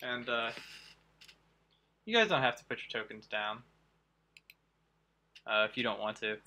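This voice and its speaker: A man acts as game master for a tabletop game, talking his players through the scene. His voice is very bright and forward. He hesitates often and fills the gaps with ums. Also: mid-range voice, expressive, a little slow, lo-fi sound. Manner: hesitant, many fillers. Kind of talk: narrating a tabletop game online.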